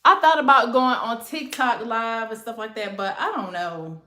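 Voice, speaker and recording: A woman's voice: a little high, normal speed, bright, forceful tone. A woman, chatting casually and rambling to her livestream viewers, calling them y'all and honey. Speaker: livestream host. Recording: echoey room.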